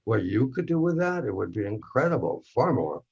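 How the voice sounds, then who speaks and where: A man in a workshop reading, playing a narrator who recalls a charged night with a film actor, telling it intimately and dropping to a hush at tense moments. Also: on the low side, very animated, normal speed, creaky, slightly rough, exaggerated voice. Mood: reflective. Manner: intimate, drops to hushed tones for tense moments. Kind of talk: dramatic monologue reading. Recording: dull lo-fi recording.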